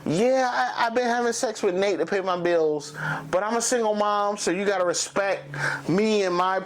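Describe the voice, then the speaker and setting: A man's voice: sits high, moderate pace, natural voice. A man voicing a defiant single mother who lectures and demands respect. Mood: indignant. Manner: indignant, lecturing.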